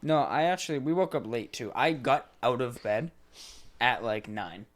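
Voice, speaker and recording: A man co-hosting a podcast in casual chat, chiming in with quick remarks and frequent laughs. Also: mid-range voice, lively intonation. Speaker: podcast co-host.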